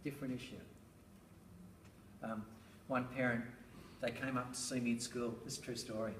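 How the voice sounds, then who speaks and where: A man's voice: medium pitch, flat delivery, moderate pace, a bit bright. Guy, middle aged, telling stories in a talk, chuckly, far off mic, echoey noisy room. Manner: storytelling, chuckles, rhetorical asides. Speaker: speaker on parenting, school educator. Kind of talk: public talk with anecdotes. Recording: roomy, distant, noisy room recording.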